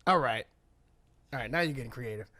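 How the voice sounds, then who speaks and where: A man in his thirties hosting a podcast in laid-back casual chat, with quick asides and frequent laughs. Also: medium pitch, animated, crowd noise. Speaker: podcast host.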